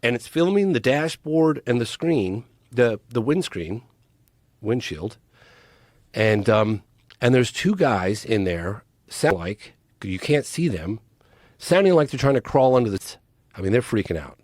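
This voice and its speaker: Animated male storyteller, lively pitch. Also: a little slow, dry recording, studio quality. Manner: animated, emphatic storyteller with many restarts. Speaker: podcast guest, documentary filmmaker. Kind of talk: casual podcast storytelling.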